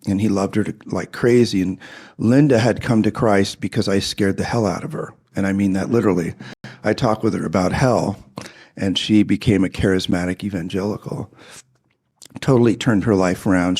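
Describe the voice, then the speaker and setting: Middle-aged man, husky low voice, earnest personal testimony. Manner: earnest, drops into hushed tones for emotional moments. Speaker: speaker giving a personal testimony. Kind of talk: personal storytelling.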